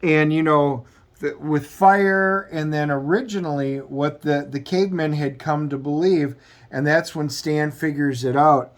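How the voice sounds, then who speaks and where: A man with a somewhat high voice hosts a comic book review show. He recaps the plot casually, rambling along and often restarting his sentences. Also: unhurried. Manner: rambling, loose retelling with frequent restarts.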